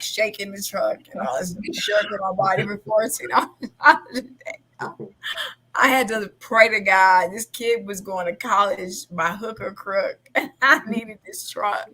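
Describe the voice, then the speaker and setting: Brief: young woman, casual co-host, gravelly, husky edge, laughs through her stories. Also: medium pitch. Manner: animated storyteller, laughs often. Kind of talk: casual chat.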